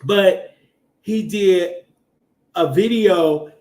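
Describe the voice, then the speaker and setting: A man in his thirties hosting a casual commentary show, talking emotionally and bursting into loud exclamations. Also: high-pitched, measured pace. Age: 30s. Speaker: show host.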